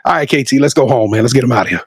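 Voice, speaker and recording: A male podcast co-host giving an energetic, sing-song, shouting sign-off to the show. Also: medium pitch, rapid-fire, slightly rough, no echo. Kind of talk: hype outro, sign-off.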